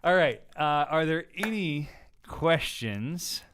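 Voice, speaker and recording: A man hosting a casual question-and-answer show, telling stories in an animated way and sometimes acting out other people. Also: slow, noisy background. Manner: animated storytelling, mimics people in high voice. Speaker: host answering viewer questions. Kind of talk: casual chat.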